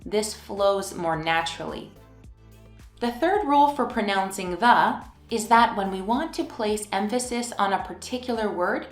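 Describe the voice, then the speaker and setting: A woman teaching English pronunciation in a scripted lesson, speaking slowly and enunciating each word clearly. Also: medium pitch, animated, echoey room, soft background music. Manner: slow, clear, carefully enunciated.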